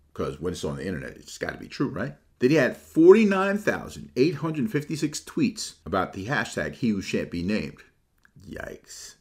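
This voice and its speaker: A man giving a casual, opinionated sports monologue, shifting between relaxed talk and animated, mocking quotes. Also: low voice, vocal fry. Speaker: sports commentator.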